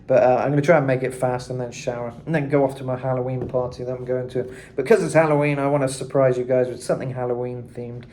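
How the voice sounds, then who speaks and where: A man's voice: mid-range voice, steady tone, quick pace, hardly any pauses, warm tone, slight background noise. A man giving a casual singing tutorial, chatting loosely with lots of fillers and asides. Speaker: vocal coach. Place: hot room indoors.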